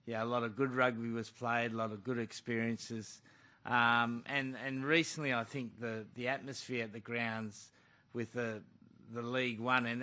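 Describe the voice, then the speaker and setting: A man's voice: medium pitch, pushed and bright. A man, a rugby coach, answering questions bluntly at a press conference and calling the questioner mate.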